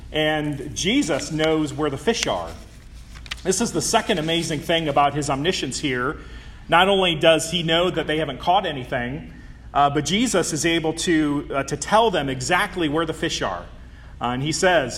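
A man preaching a sermon in a conversational way, with frequent ums and small self-corrections. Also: a little high.

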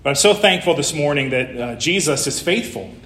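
A man's voice: fairly high pitch, animated, brisk, fairly bright tone, echoey room, a little hiss or hum. A man preaching a Palm Sunday sermon, conversational and full of rhetorical questions. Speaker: pastor.

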